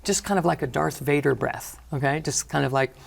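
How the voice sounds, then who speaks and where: A middle-aged woman, a healing teacher, calmly guiding a breathing exercise and talking about her work in an interview. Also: low voice, vocal fry. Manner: calm, slow guiding cues. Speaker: energy healing teacher, guest. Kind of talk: guided breathing instruction and interview.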